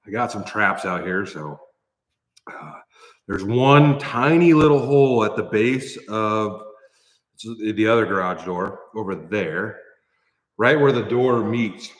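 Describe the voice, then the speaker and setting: A Midwestern American man hosts a casual livestream from a large new shop building, where the room echoes heavily. His voice is fairly low with lively intonation, and he talks slowly, coughing and sighing from spicy food while thanking viewers.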